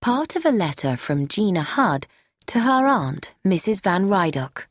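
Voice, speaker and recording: A woman narrating an audiobook in a measured, careful reading style. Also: mid-range voice, very animated, dry recording, clean studio sound. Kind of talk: scripted narration.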